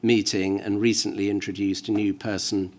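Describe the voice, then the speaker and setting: A man questioning a witness at a formal hearing, measured and careful, reading out references with hesitant fillers. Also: fairly low pitch, level tone. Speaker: inquiry counsel. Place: inquiry hearing room.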